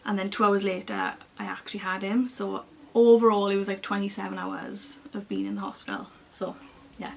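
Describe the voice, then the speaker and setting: A young woman, chatting casually to camera as she tells a long personal story in an expressive, lively way. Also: mid-range voice, fairly quick, vocal fry, few pauses, slight background noise. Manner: chatty and expressive, acting out other people's lines. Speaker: beauty vlogger.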